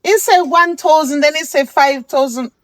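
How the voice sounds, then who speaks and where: A woman's voice: high voice, moderate pace, no room sound, close to an everyday voice. A woman playing a mother who chides and fusses over her son in a web drama. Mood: complaining. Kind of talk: web series acting.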